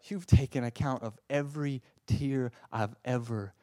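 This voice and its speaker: A man preaches passionately in a medium-pitched voice at a moderate pace, swinging between loud urging and a soft hush. He often stammers and repeats words, and the recording is dry.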